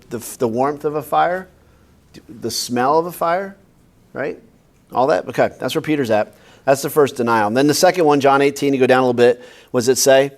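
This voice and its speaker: A man, a pastor, teaching a Bible class in a conversational way, often quizzing his listeners with questions. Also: medium pitch.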